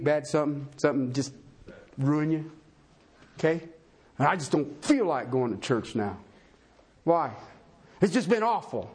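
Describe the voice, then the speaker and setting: A man preaching a sermon with a high voice that swings widely in pitch. He reads scripture slowly and breaks off into folksy, conversational asides. His delivery jumps between soaring emphasis and low, hushed remarks. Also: gravelly, breathy edge. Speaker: pastor.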